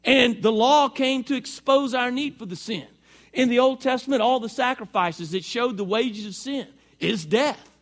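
A man's voice: very high voice, normal speed, fairly bright tone. A middle-aged male pastor preaching a sermon in a folksy, chatty way, his voice strained by allergies and talking back and forth with the congregation.

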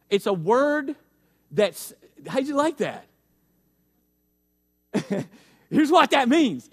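A man pastor preaching a folksy sermon, repeating phrases for emphasis and speaking straight to his congregation. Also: sits high.

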